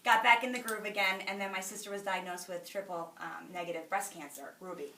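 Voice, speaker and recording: A woman's voice: medium pitch, steady tone, brisk, bright, forceful tone, far from the mic, slight background noise. Woman speaking to a crowd in an echoey hall. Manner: emphatic, chatty, preachy, laughs between lines. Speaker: sales director speaking to a group. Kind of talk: motivational testimony talk.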